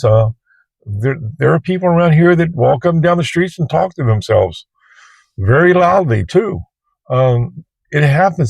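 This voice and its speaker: A man's voice: on the high side, gravelly, a little mellow, no room sound. A man who drives for a ride service, telling a story to camera in a casual, colloquial, rambling way from inside his parked car. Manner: plain-spoken, colloquial, rambling. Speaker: Uber driver and vlogger.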